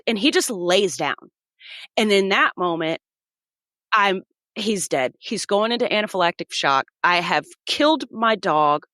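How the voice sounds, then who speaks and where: A woman's voice: mid-range voice, animated, normal speed, pushed and bright, no room sound, clean studio sound. Woman vividly retelling a frightening hike. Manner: vivid storyteller acting out voices. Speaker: guest. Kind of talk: personal story in an interview.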